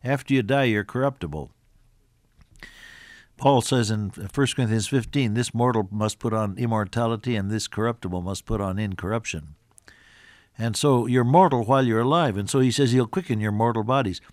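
An older man gives a folksy, earnest sermon in a fairly low voice. He leans on rhetorical questions and stops now and then to clear his throat. The sound is dry and close, with no room echo. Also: normal speed. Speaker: radio Bible teacher.

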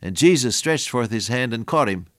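A man's voice: mid-range voice, expressive, moderate pace, no room sound. Older male radio preacher, dry close mic, earnest sermon, dynamic emphasis. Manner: earnest, swells and drops in volume for emphasis.

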